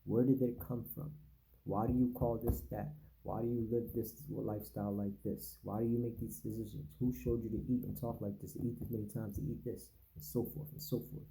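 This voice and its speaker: A man's voice: on the low side, little pitch movement, a little fast, gravelly, mellow, rough recording. A man reading a text aloud to his listeners and breaking off for casual asides, often stumbling and repeating words. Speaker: channel host reading and commenting.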